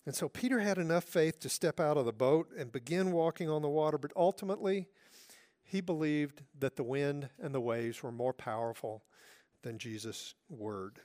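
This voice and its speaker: A male pastor preaching a sermon in an earnest way, now and then dropping to a soft hush for emphasis. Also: fairly high pitch, moderate pace.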